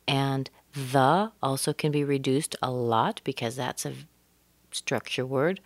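A low-pitched woman coaches pronunciation at an unhurried pace. She repeats each sound and word slowly to demonstrate it, and the recording is close and dry. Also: no echo. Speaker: accent coach. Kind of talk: pronunciation lesson.

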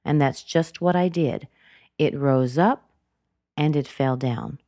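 A woman's voice: low voice, takes it slowly, warm tone, no echo, clean studio sound. A woman teaching English pronunciation, explaining patiently and repeating words to show how the intonation rises and falls. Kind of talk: slow explanatory lesson.

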